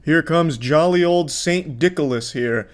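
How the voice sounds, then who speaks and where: A man with a somewhat high voice narrates over clips in a flat, mocking deadpan. He throws in curses and sarcastic asides as he tears into the people on screen. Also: measured pace, a little hiss or hum. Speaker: commentary host. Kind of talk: sarcastic video commentary.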